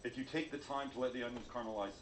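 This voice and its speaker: A cooking-show host talks through a demonstration video at a racing pace, his medium-pitched voice steady against crowd noise. The sound is roomy and echoey, and he keeps up chatty, self-mocking jokes while he works.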